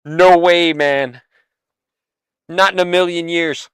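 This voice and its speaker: A man hosting a livestream, reacting to animal videos with excited yelps, laughs and swearing. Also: on the high side, slow, smooth, no room sound. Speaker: livestream host reacting to clips. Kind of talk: casual reaction commentary.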